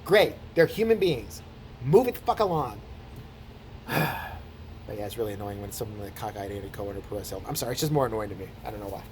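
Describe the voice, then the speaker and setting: Tired guy ranting fast, swearing a lot, voice jumping all over. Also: on the low side, a little hiss or hum. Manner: animated, swearing, sarcastic. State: tired from little sleep. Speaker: vlogger. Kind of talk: profane comedic rant.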